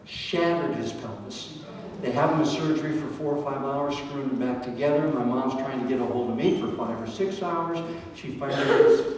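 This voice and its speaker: An older man doing live comic storytelling with a faith message, wry and deadpan, dropping to soft, slow lines for tender moments. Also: medium pitch, recorded from a distance, a little hiss or hum. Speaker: stand-up storyteller. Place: large reverberant camp hall. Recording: very echoey hall picked up from afar.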